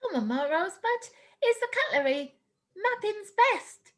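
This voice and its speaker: A woman's voice: very high voice, very animated, moderate pace. A woman reading the part of a cheeky, boastful man who banters with the maid. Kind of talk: script read-through.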